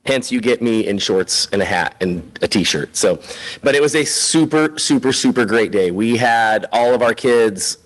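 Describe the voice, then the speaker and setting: A school principal with a somewhat low voice gives a spoken report at a board meeting, chatty, upbeat and informal, with plenty of "um"s and "uh"s. He's animated and speaks at a moderate pace, captured in a low-quality recording.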